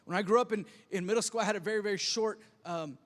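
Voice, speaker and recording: A man's voice: high-pitched, quick pace, fairly bright tone, long reverb tail. A man preaching a sermon as pastor, telling self-deprecating stories with lots of stammered restarts. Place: church sanctuary.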